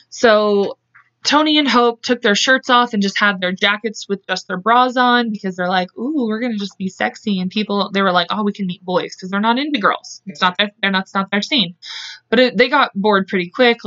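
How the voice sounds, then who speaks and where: A woman's voice: medium pitch, moderate pace, sharp tone, dull audio. A woman co-hosting a podcast, telling a true-crime story in a casual, chatty way and acting out the people's lines. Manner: chatty, acts out quotes with voices, laughs often. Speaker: podcast co-host.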